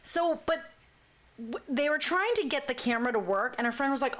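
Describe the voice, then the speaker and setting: A woman hosting a talk show, telling a story in a lively, casual way and acting out what people said. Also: sits high, moderate pace. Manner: lively, acts out quoted speech. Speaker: talk show host, dance crew member.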